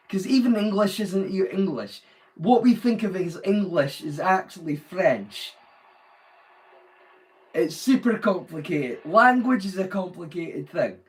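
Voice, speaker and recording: A man's voice: high voice, low-quality recording. A man with a Scottish accent chatting casually to viewers during a watch-along stream, rambling and explaining with many restarts. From Scotland.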